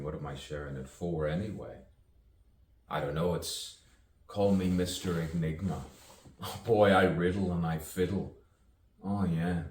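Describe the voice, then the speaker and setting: A man with a low, slightly mellow voice delivers a rambling solo monologue he recorded himself. He's wry and reflective, quizzing himself and laughing at himself, heard from a distant mic in a reverberant room with faint background noise.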